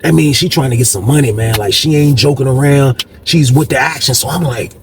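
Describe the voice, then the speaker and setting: A man casually telling a personal story to viewers, animated and slangy, often turning to them with "y'all". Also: mid-range voice, a little fast, noisy background.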